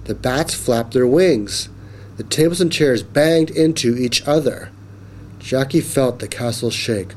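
A man with a medium-pitched, mid-range voice reads a children's story aloud slowly, putting animated expression into every line. A faint hum of room noise sits underneath.

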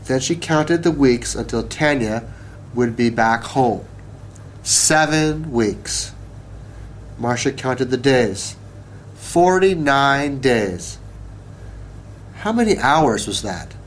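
A man reading a children's storybook aloud, taking it slowly and letting his voice rise and fall with lots of expression. Each sentence is measured and clear, the way you'd read to a child. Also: mid-range voice, slight background noise.

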